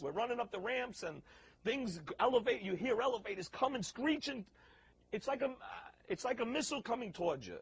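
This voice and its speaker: A man giving an emotional eyewitness account, halting and repeating himself as he restarts phrases. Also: high voice, slight background noise, low-quality recording. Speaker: eyewitness, building worker.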